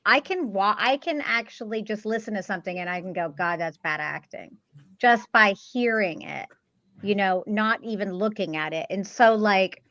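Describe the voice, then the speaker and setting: A woman with a bright, forceful voice talks in an animated, blunt way on a film review podcast. Her sound comes through a little dull and muffled. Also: mid-range voice, normal speed. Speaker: podcast co-host, actor. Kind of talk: casual film review chat.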